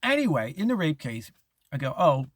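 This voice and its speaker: A man's voice: on the high side, sing-song, normal speed, dry recording, studio quality. A middle-aged man hosting a casual monologue, rambling with restarts and chuckling as he acts out quoted voices. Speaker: host.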